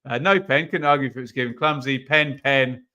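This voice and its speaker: A man's voice: mid-range voice, a little fast, sharp tone, muffled recording. A man running a live football watch-along, chatting casually about the match and reading out viewer comments.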